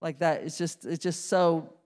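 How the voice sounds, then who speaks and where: A middle-aged woman, a psychology professor, giving a lively public lecture, restarting sentences and talking straight to the audience. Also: deep voice, unhurried. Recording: reverberant lecture hall.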